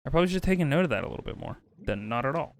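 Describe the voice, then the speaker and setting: A man streaming a video game live, chatting with viewers and reacting loudly, swinging between excited yelps and low mutters. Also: very fast, vocal fry, a little hiss or hum. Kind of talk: casual live gameplay commentary.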